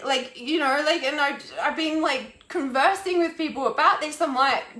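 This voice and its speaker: A woman who works as an intuitive healer goes on an angry rant during a live stream, exasperated and swearing, restarting her sentences a lot and saying "like" constantly. Her high-pitched voice is pushed and bright, she talks fairly quickly, and the sound is roomy.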